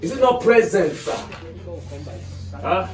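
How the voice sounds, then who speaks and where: A man's voice: high voice, lively intonation, takes it slowly, a little mellow. A man with a Nigerian accent teaching an English lesson to a class, quizzing students and checking "are you getting me". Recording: echoey classroom from far off with noise.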